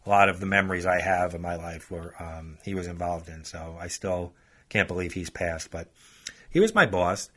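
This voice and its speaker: A man's voice: deep voice, moderate pace, pushed and bright. A male podcast host telling a story in a chatty, casual way, talking straight to his listeners. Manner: chatty, addresses listeners as folks.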